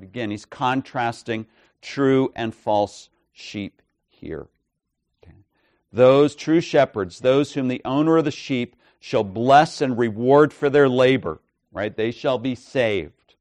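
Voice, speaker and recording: A man preaching an expository sermon with measured, emphatic delivery, often checking in with "right?" and "okay?". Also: medium pitch, darkish tone, dry recording.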